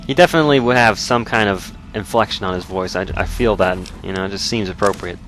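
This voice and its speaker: Man with a deep voice, laid-back, rambling gameplay commentary. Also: fast talker, a bit bright, faint music behind. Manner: easygoing, rambling, self-correcting. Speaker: let's play host.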